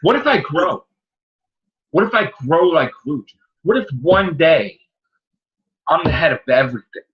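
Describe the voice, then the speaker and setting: Ranting man with swooping pitch. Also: expressive, unhurried, lo-fi sound. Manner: exasperated, ranting, swinging pitch. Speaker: podcast host. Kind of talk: heated casual chat.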